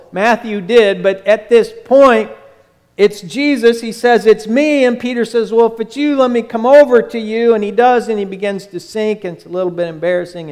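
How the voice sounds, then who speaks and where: A pastor preaching a sermon, telling the story with lively, animated storytelling and acting out the voices of the people in it. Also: male voice, high-pitched. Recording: long hall reverb.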